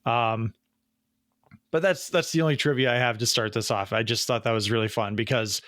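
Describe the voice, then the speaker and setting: A man's voice: mid-range voice, fairly even intonation, fairly bright tone, dry recording. Man, 40s, podcast host, tangent-prone, mid voice, dry close recording. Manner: fast, tangent-prone, self-interrupting. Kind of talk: casual chat.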